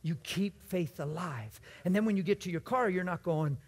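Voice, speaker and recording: A man preaches in a church, his fairly high voice dropping to near-whispers and then rising to loud shouted bursts. He acts out little conversations in other voices as he goes. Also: moderate pace. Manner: swings from hushed whispers to loud shouted emphasis. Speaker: guest preacher. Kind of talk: sermon.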